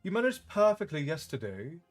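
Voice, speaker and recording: A man reading aloud, putting on the voice of a brisk, impatient teenage witch girl who sounds urgent and bossy. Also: fairly high pitch, huge pitch swings, soft background music. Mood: insistent.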